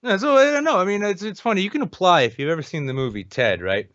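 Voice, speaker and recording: A man's voice: high-pitched, fast, no echo, lo-fi sound. A man, hosting a podcast in casual chat, sarcastic and swearing freely. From New Hampshire. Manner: profane, sarcastic, animated ranting. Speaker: podcast host.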